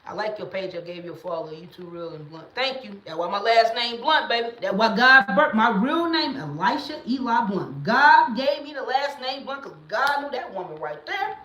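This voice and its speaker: A woman hosting a livestream in casual talk, blunt and emphatic, sometimes rising into loud preaching bursts, speaking into a phone or webcam. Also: on the high side, animated, moderate pace, hardly any pauses, reverberant. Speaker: livestream host.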